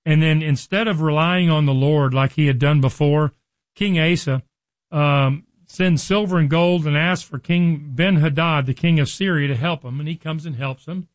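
A man's voice: a little high, moderate pace, no echo. A man teaching from the Bible on a radio program, earnest and conversational, now and then acting out the lines he quotes.

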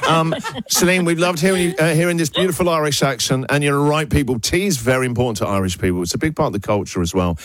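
A male radio host jokes and banters with a caller. He talks fast in a fairly high voice with lively swings of pitch. The studio sound is dry and close. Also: no echo. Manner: jokey, quick, playful banter. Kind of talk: breakfast radio chat.

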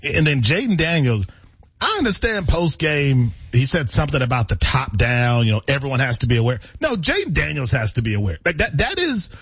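A man co-hosting a sports radio show, animated, rambling and self-mocking. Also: mid-range voice, fairly quick, breathy edge, dry recording, dull audio. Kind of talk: casual sports talk.

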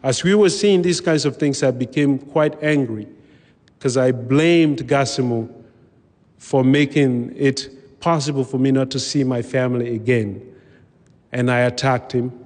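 A man recounting his own past in a measured, vivid way, pausing now and then to restart a phrase. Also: mid-range voice, darkish tone. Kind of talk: personal storytelling talk. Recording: long hall reverb.

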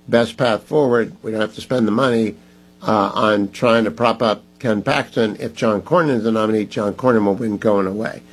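Emphatic talk radio host, husky. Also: male voice, lowish voice, fairly even intonation, normal speed, rough recording. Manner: emphatic, pleading for donations. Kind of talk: conservative talk radio monologue.

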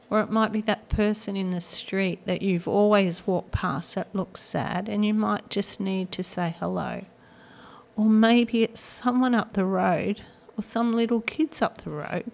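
A woman's voice: mid-range voice, creaky, a little mellow. Heartfelt older woman preaching. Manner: earnest, emotional, slow and heartfelt. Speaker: gospel radio show host. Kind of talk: radio devotional talk.

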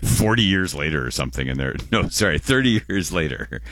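A man's voice: a bass voice, sing-song, a little fast, a bit bright, a little hiss or hum. A man in his forties, hosting a radio show in casual, rambling chat and often correcting himself.

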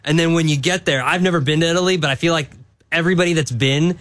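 Male co-host, teasing banter, slightly high voice, dry studio sound. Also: fast talker, fairly bright tone, dry recording. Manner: teasing, joking. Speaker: sports radio co-host. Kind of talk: casual radio chat.

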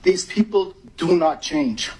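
A man's voice: on the high side, lively intonation, slow, darkish tone, a little hiss or hum, poor audio. A man from Iran gives emotional, urgent public testimony as a commenter at a meeting.

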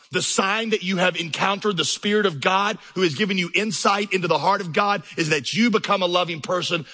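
Man, middle-aged pastor, sermon, bright tone, slightly high voice, emphatic storytelling. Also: big-room sound. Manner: storytelling, emphatic, builds to passionate peaks. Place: large church auditorium.

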